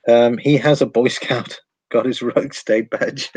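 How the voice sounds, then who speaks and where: A man's voice: medium pitch, steady tone, measured pace, a little mellow, slightly rough, rough recording. A man from England hosting a precious metals livestream, chatting casually with many ums and reading out viewer comments. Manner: rambling, many ums, chuckles often.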